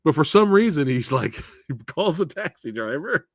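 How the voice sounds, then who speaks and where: A man hosting a casual live film review, animated, profane and laughing often. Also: a little high, moderate pace, no echo, clean studio sound. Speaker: movie reviewer and host.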